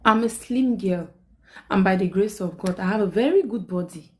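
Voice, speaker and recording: A young woman, hosting a live stream and telling a personal story in casual chat. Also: normal speed. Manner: animated, quotes people with big pitch jumps.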